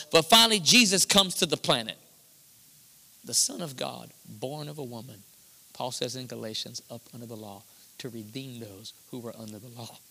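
A man preaching a sermon into a handheld microphone, lively, swinging from near-shouts to hushed tones. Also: medium pitch, vocal fry. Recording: live in a reverberant hall.

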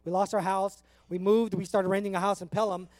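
Man, thirties, from California, very high voice, dry close sound, earnest conversational sermon. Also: flat delivery, a little fast, a little mellow, dry recording. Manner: earnest, conversational, emotional at times. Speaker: pastor.

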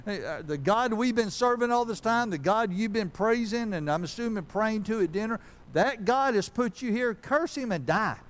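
A man's voice: high voice, lively intonation, normal speed, hardly any pauses, a bit bright, voice pushed up. A man voicing a scornful wife who taunts her suffering husband about his faith, during a sermon. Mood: taunting. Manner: sneering, taunting.

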